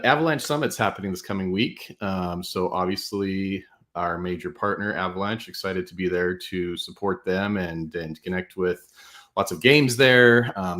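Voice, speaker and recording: A man with a very low voice chats casually online. He jokes freely and tosses in quick asides as he talks about his plans. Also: fairly bright tone. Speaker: project representative.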